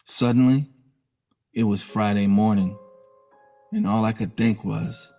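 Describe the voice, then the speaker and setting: A man's voice: lowish voice, fairly even intonation, unhurried, pauses often, mellow, soft background music. A man telling his own story on a live stream in a candid, emotional way, blunt and profane at times.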